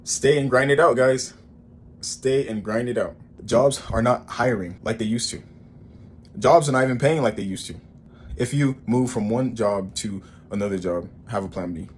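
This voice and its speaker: A man's voice: mid-range voice, moderate pace, slightly rough. A man giving firm, practical advice to his viewers. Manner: firm, advising. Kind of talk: advice vlog.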